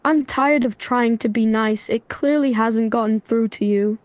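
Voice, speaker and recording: A synthetic female voice reading the lines of a stern young man who lectures in an even tone. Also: fairly high pitch, unhurried, dry recording, close to an everyday voice.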